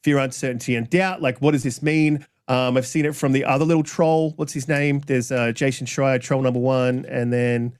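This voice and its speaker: A man hosting a casual gaming podcast, rambling from point to point. He stumbles and restarts often and apologizes freely. His voice sits at a middling pitch. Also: fairly even intonation, normal speed, hardly any pauses, smooth. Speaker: podcast host.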